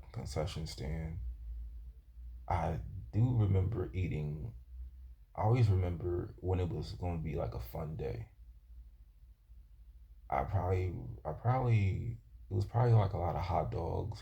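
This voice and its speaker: A man telling a personal story from his youth in a halting, rambling way, often restarting his sentences. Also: low-pitched, lively intonation, creaky, warm tone, muffled recording. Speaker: vlogger.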